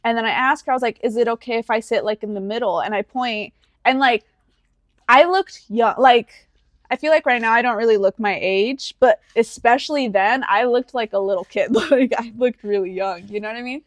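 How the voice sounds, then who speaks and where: A woman's voice: fairly high pitch, brisk, no room sound, clean studio sound. Chatty young woman telling stories. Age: 20s. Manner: animated storytelling, acting out quoted voices, many fillers. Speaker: podcast co-host. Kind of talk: casual chat.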